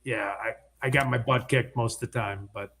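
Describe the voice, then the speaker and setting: A man's voice: mid-range voice, steady tone, moderate pace, creaky, a bit bright. A man from Chicago co-hosting a livestream, chatty and rambling, often correcting himself mid-sentence. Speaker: livestream co-host. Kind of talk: casual chat.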